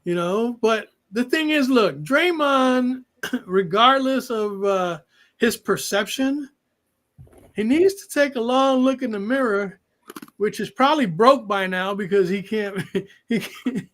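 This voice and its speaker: A man's voice: very high voice, slow pace, fairly bright tone. A man co-hosting a sports podcast, blunt and slangy, laughing often between points. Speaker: podcast co-host. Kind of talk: casual sports banter.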